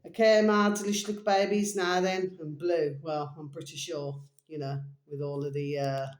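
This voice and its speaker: A woman's voice: deep voice, little pitch movement, moderate pace. A woman chatting in a rambling, affectionate way to her viewers, circling back to the same pet phrases. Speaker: vlogger. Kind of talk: casual rambling to-camera vlog. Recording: echoey room.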